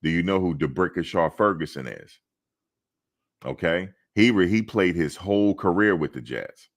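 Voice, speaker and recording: Gravelly and bass-voiced, this sports livestream host keeps things casual. He pokes fun at commenters and talks back to the chat.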